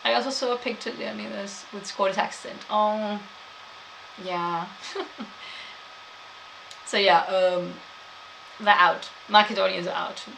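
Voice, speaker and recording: A woman's voice: medium pitch, fairly even intonation, a little slow, gravelly, long pauses, sharp tone, slight background noise, low-quality recording. A woman gives a chatty live-streamed history talk, laughing often and answering chat.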